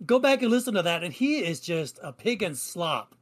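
A man's voice: high voice, sing-song, moderate pace. A man co-hosting a podcast, chatting in an easygoing way and laughing along. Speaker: podcast co-host. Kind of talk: casual podcast chat.

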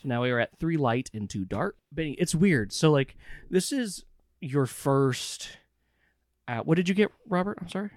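A man's voice: fairly high pitch, animated, moderate pace, no echo, clean studio sound. A man narrating as game master of a tabletop game, rambling with fillers. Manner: rambling, lots of fillers and giggles.

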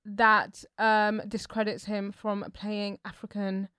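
A young woman co-hosting a podcast, chatting casually in an animated, slangy, teasing way. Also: medium pitch, takes it slowly, clean tone, dry recording, studio quality. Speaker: podcast co-host. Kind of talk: casual chat.

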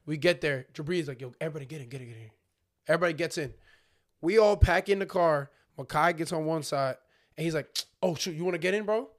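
A man's voice: a little high, fast talker. A young man and podcast co-host telling a story in casual slangy chat, acting out his friends' lines. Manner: animated, acts out friends' voices, slangy.

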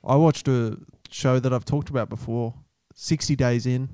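A man's voice: mid-range voice, steady tone, normal speed, warm tone, clear, resonant tone, no room sound. A man co-hosting a podcast, wry and offhand in casual comedic banter. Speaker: podcast co-host.

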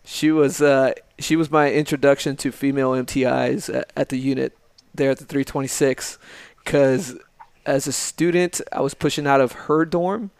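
A man's voice: mid-range voice, fairly even intonation, normal speed, gravelly, darkish tone, clear, resonant tone, no room sound. A man who is a former military training instructor, talking bluntly with plenty of swearing and laughter in casual podcast chat. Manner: blunt, profane, laughs often.

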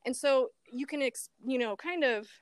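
A woman telling an interviewer about her missing mother, animated and emotional, acting out the voices from phone calls and laughing nervously at times. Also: high voice, normal speed, dry recording. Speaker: guest, daughter of a missing woman. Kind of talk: emotional personal account in an interview.

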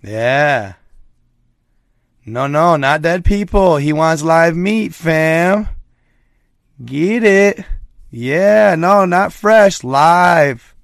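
A man's voice: fairly high pitch, lively intonation, very slow, vocal fry, long pauses, dry recording, studio quality. A man talking casually with his viewers, telling a rambling story full of slang. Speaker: streamer chatting with viewers. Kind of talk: casual chat.

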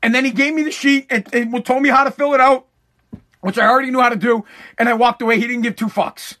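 A man in full rant mode, swearing freely and circling back over his points. His voice sits high and sounds bright and edgy, lifting higher whenever he pushes a point. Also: quick pace. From Massachusetts. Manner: profane, animated, repeats himself. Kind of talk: casual rant monologue.

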